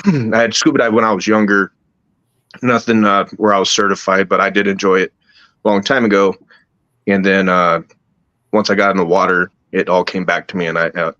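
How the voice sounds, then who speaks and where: A man telling a personal story at a slow, halting pace, with many restarts. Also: deep voice, pushed and bright, no echo, highs cut off. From United States. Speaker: podcast guest. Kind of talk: casual storytelling.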